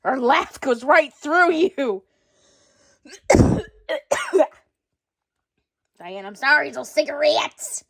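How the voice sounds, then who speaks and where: A woman performing an improvised skit, switching rapidly between many bickering characters in different voices. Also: sits high, animated, creaky, a bit bright, dry recording, clean studio sound. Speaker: storyteller voicing every character. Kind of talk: improvised doll-play skit.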